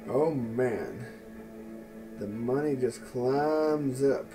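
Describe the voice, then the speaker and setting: A man's voice: mid-range voice, drawn-out words, over music. A man casually commenting on his city-building game in a wry, sarcastic, musing way. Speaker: let's play host.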